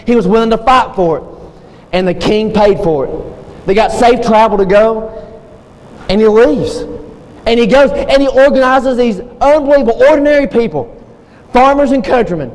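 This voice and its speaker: A man's voice: very high voice, lively intonation, normal speed, a little mellow. A man preaching a sermon, retelling a story with passion and repeating his key phrases. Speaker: pastor. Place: church sanctuary. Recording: long reverb in a church hall, faint noise.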